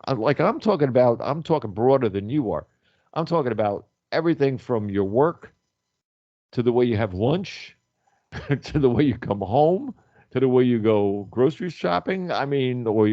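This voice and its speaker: A man talking loudly and animatedly on a radio show, telling stories and acting out what others said. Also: mid-range voice, no echo, dull audio. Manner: loud, animated storyteller who acts out quotes. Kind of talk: casual radio chat.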